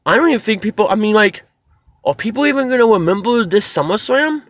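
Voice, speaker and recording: High-voiced excitable man ranting. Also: quick pace, no echo. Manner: excitable, rambling, swears freely. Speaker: wrestling show reviewer. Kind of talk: casual video review.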